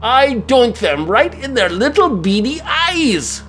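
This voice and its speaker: Comedy vlogger, male, grandiose and theatrical, slow deliberate delivery, faint music behind. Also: very high voice, sing-song, creaky, fairly bright tone. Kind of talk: absurd comedic character monologue.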